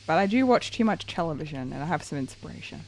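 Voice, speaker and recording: A woman's voice: low-pitched, lively intonation, quick pace, a little mellow, slight background noise. A woman streamer chatting casually while she plays a game. She is playful, laughs often and swears now and then. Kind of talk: casual live-stream chat while gaming.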